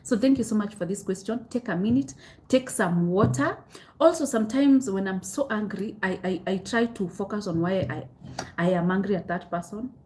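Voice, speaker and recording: A woman's voice: mid-range voice, normal speed, a little mellow, a little hiss or hum. Kenyan woman hosting a live advice stream. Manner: candid, repeats advice, mixes in Swahili phrases. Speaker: host of a live self-help session. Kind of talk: live stream chat answering comments.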